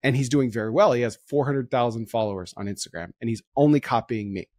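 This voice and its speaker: A man hosts a podcast in loose, casual chat. He is excitable and laughs easily, jumping from one idea to the next. His voice sits mid-range, recorded close and dry. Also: mid-range voice, fast, dry recording. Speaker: podcast host.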